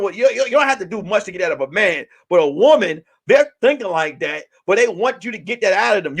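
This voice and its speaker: High-voiced, lively comedian ranting. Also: male voice. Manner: animated, profane, repetitive storytelling. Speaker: comedian host. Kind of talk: casual live-stream rant.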